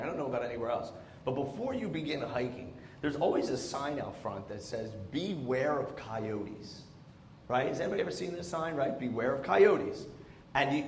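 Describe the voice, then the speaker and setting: A male stand-up comedian tells stories in an exasperated, animated way, his pitch leaping all over the place. He talks into a handheld mic on a theatre stage, and the sound is roomy and echoing with a faint hum behind it.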